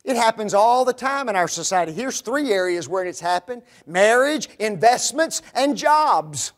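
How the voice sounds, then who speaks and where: A male preacher with an unusually high voice delivers a sermon, asking the congregation rhetorical questions. He swings between raised emphasis and hushed, low asides. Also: animated, normal speed. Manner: rhetorical questions, dramatic drops to quiet.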